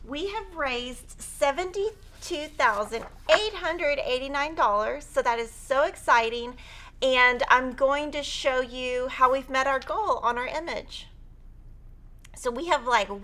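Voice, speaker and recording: A woman's voice: sits high, a little slow, sharp tone. A woman teaching a quilting tutorial on a live stream, chatty and upbeat as she talks through cutting fabric. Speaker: quilting instructor.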